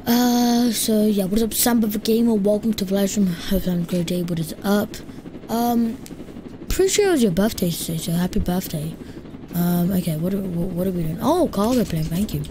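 A woman's voice: medium pitch, brisk. A woman streaming a game live, chatting casually, greeting and thanking viewers and muttering to herself as she plays. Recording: clear steady background noise.

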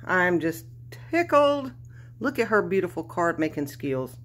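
A woman with a drawl gushes over a gift in a casual craft video. Her voice sits a little low and turns teary and emotional as she thanks her viewers. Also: sing-song, measured pace, fairly bright tone. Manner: gushing, emotional, Southern "y'all". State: near tears. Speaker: craft vlogger.

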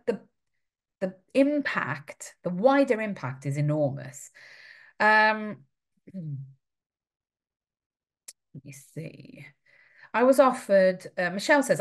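Chatty Welsh woman hosting a livestream. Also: lowish voice. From Wales. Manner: chatty and sympathetic, with frequent fillers. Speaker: host of a parent support livestream. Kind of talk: live Q&A reading out viewer comments. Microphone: webcam or phone on a live stream.

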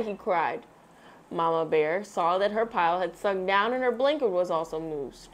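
Expressive woman reading a picture book aloud. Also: on the low side, normal speed. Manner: expressive storytelling. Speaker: read-aloud host. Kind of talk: children's book read-aloud.

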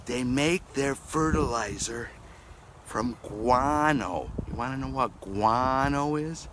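A man who is a pastor, giving a playful, animated children's message outdoors in his garden at home. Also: medium pitch, slow, noisy background. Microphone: handheld camera.

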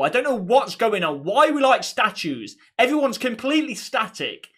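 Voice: medium pitch, very animated, moderate pace, few pauses, a bit bright, breathy edge. A football fan on a live watchalong, complaining in agitated disbelief.

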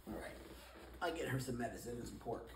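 A woman talking softly to her cat at home, coaxing and soothing it with repeated reassurances. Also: a bass voice, animated, fairly quick, background noise. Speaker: cat owner. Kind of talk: talking to a pet. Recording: roomy, from away from the mic.

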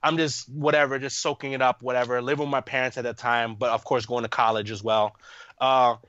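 A man in his thirties, a guest on an interview podcast, telling a story in a rambling, animated way with lots of fillers. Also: mid-range voice, fairly quick, clear, resonant tone, dry recording. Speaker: podcast guest, army veteran. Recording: muffled lo-fi, dry room.

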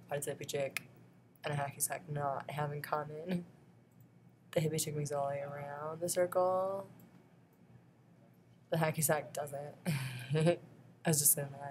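A woman's voice: deep voice, background noise. A woman talking straight to camera in a rambling vlog monologue, often breaking into laughs between phrases. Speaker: vlogger.

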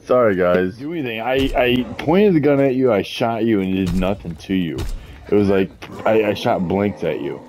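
A man giving casual gameplay commentary, excitable and joking, swearing often, a bit hoarse. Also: lowish voice, moderate pace, a little hiss or hum. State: losing his voice. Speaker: gaming commentator. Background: game music and gunfire.

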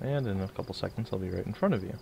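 A man's voice: low-pitched, very fast, vocal fry, a little mellow, a little hiss or hum. A man hosting a let's play video, chatting casually and joking while he plays. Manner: joking, chatty, mumbles asides. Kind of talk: casual gameplay chat.

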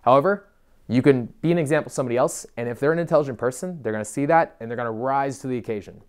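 A young man speaking fast to camera, giving dating advice in a casual, profane, animated rant. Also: mid-range voice, clear, resonant tone.

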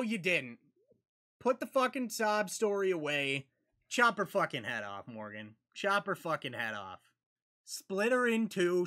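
A man hosting a reaction video, cursing and yelling angry outbursts at the screen between muttered commentary. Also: high voice.

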